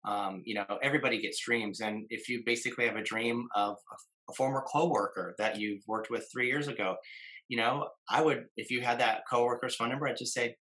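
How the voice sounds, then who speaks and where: A man's voice: medium pitch, fairly even intonation, fairly quick, a bit bright, low-quality recording. A man in his fifties, a guest in conversation, telling a long story with many fillers and restarts and acting out the voices of people he quotes.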